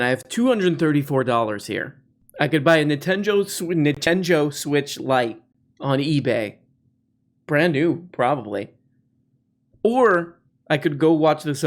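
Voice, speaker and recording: Sarcastic male podcast host. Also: mid-range voice. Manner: sarcastic, mocking. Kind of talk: casual comedic commentary.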